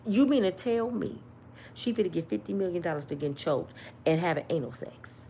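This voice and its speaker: A woman's voice: fairly low pitch, lively intonation, a little fast, creaky, mellow, slight background noise. A woman giving an emphatic, slangy opinion rant to her viewers, full of rhetorical questions. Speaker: commentary vlogger.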